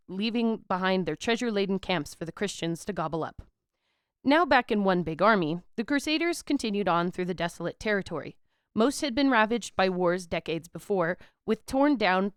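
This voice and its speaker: Podcast co-host, woman, casual slangy history narration, smooth clear tone, dry close mic. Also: medium pitch, no echo. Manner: irreverent, slangy, stumbles on words.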